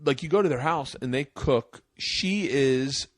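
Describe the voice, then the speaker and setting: A man's voice: medium pitch, unhurried, no room sound, studio quality. A man in his forties hosting a podcast, telling profane stories in casual chat. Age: 40s. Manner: animated, profane storyteller. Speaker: podcast host.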